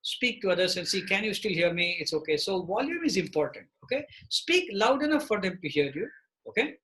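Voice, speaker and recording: Male trainer on a video call, fairly high and bright voice, keeps tagging "okay?" onto his points. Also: sing-song, a little fast, rough recording. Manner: repeats "okay?" to check in with participants. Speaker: presentation trainer. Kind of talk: live online training session. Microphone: computer mic on a video call.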